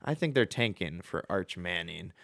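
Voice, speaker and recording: A man's voice: deep voice, animated, moderate pace, vocal fry, a bit bright, dry recording, clean studio sound. A young man hosting a casual solo sports show, chatty and jokey, with fillers and self-corrections. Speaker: sports podcast host.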